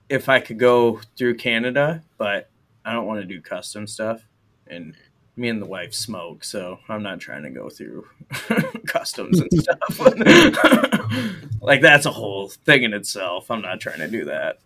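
A man's voice: fairly low pitch, animated, moderate pace, bright, forceful tone, a little hiss or hum. Laid-back man, casual podcast chat. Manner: laid-back, swears freely, laughs often. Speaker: blacksmith and podcast host.

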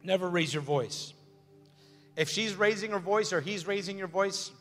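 A man's voice: high voice, moderate pace, a bit bright. A man preaching a sermon as pastor, emphatic and repetitive, with joking asides. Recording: long hall reverb with faint music.

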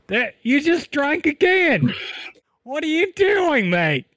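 A man's voice: extremely high pitch, big pitch swings, slow, fairly bright tone, no echo, studio quality, heavily acted. A man playing a bossy Australian podcast host in an improvised comedy sketch, scolding his co-host, with a put-on Australian accent. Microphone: close studio mic.

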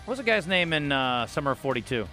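Casting note: male sports talk host, bright ringing voice, pitchman energy on the ad reads. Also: sing-song, fast, faint music behind. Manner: upbeat pitchman on the sponsor reads. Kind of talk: casual sports radio chat with live ad reads.

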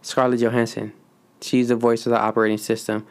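A man's voice: mid-range voice, flat delivery, a little fast, smooth. A man chatting loosely and profanely about movies in slangy, rambling talk. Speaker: solo vlogger. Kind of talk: casual movie chat.

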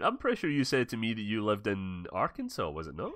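A man's voice: fairly low pitch, huge pitch swings, fast talker, fairly bright tone, no echo, studio quality. A young Scottish man hosting a casual podcast, rambling, swearing and correcting himself as he goes. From Scotland. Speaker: podcast host. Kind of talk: casual chat.

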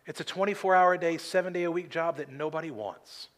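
Earnest preaching man, slightly high voice. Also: fairly bright tone. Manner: earnest preaching with slowed emphasis and dry humor. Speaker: pastor. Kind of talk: sermon. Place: church sanctuary at a pulpit.

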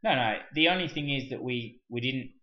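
A man's voice: mid-range voice, animated, brisk. A man co-hosting a casual podcast chat, explaining things with fillers. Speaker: podcast co-host. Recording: dull lo-fi recording.

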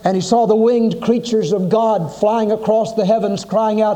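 A man's voice: high-pitched, steady tone, normal speed, few pauses, mellow. A man preaching a sermon, telling Bible stories dramatically and acting out the quoted voices.

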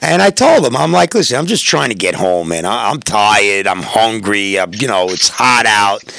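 A man's voice: lowish voice, big pitch swings, normal speed, gravelly, bright, forceful tone, no echo. A middle-aged man, telling profane road stories in casual podcast chat and acting out the dialogue. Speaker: podcast guest.

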